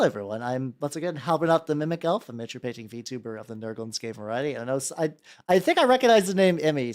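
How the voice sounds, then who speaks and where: A streamer at a home desk mic, talking in a loose, rambling way, full of fillers and the odd curse word. The pitch swings lively up and down. They keep stopping to greet the chat by name. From United States. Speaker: VTuber streamer. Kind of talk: casual live-stream chat.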